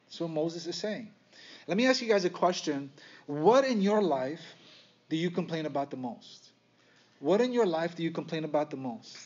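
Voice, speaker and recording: Man, high voice, sermon, animated preaching, rhetorical questions, dull lo-fi sound. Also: moderate pace. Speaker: pastor.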